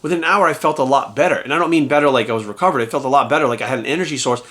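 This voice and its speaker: A man talking as a bodybuilding coach in a casual vlog rant, animated and swearing constantly, tossing in rhetorical asides. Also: mid-range voice, rapid-fire. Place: at home.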